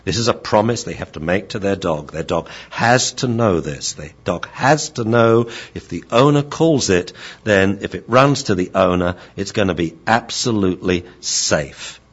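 Male dog trainer, chatty lecture, lively low voice, husky, lo-fi. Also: normal speed. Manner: animated, chatty, playful, many fillers, laughs, mimics voices. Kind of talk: informal lecture.

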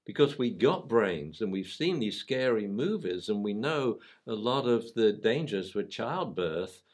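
Animated man telling stories. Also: on the low side, a little slow. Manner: animated storyteller, acts out voices. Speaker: dog trainer and podcast host. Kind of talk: casual podcast conversation.

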